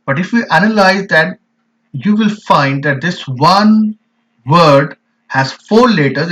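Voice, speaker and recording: A man teaching a poetry lesson in an online class, explaining terms slowly and emphatically with repeated examples. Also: fairly high pitch, fairly bright tone. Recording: dull lo-fi recording.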